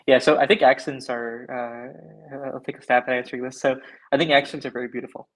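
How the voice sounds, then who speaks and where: Over a low-quality video call, a Canadian man speaks as a panelist in an online discussion, explaining at length and frequently tagging on "right?". His mid-range voice is steady in tone and fairly quick.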